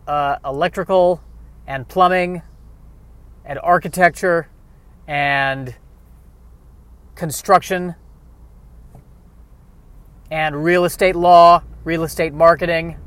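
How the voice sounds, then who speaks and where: A man's voice: fairly high pitch, steady tone, takes it slowly, pauses often, a bit bright, clear, resonant tone, no room sound. A man from Colorado musing wryly in a casual comic monologue, outdoors on a city street. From Aurora, Colorado. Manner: wry, rambling, sardonic. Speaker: comedian.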